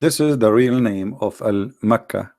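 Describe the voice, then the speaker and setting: A man's voice: on the low side, a little slow, a little mellow. A man with giving a combative religious talk, firing rhetorical questions in a mocking tone. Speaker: Christian apologetics presenter.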